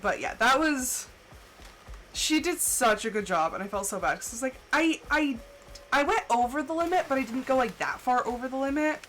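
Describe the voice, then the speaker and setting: A woman livestreamer telling stories in casual chat, animated and full of fillers, acting out the people she quotes. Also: sits high, moderate pace, soft background music, rough recording. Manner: chatty and animated, full of "like" and laughs; acts out quoted people with jumps in voice. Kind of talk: casual storytelling chat during a game stream.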